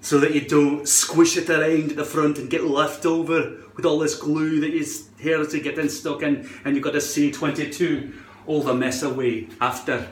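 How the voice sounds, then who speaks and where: A man tries out a put-on Scottish accent as he casually walks through a hair-care routine. He is playful and a little sweary. His voice sits somewhat high, and the room around him is roomy and echoey. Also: flat delivery, normal speed. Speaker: hairpiece vlogger. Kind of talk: casual how-to vlog. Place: room at home by a mirror.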